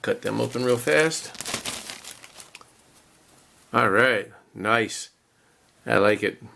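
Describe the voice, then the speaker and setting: A man's voice: medium pitch, slow pace, vocal fry, sharp tone, a little hiss or hum. A man casually narrating a model car kit unboxing, chatty and rambling, with self-deprecating chuckles.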